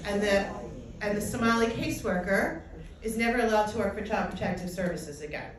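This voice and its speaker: A middle-aged woman giving a personal testimony talk, telling her story in a lively way and acting out what people said. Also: mid-range voice, fairly quick, a crowd in the background. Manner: animated storytelling with acted-out quotes. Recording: echoey hall, distant mic, faint noise.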